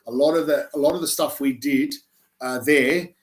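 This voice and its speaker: A young man from South Australia, an army reserve recruit answering interview questions in a casual, animated way with lots of restarts. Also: on the high side, normal speed. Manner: animated storyteller with many restarts.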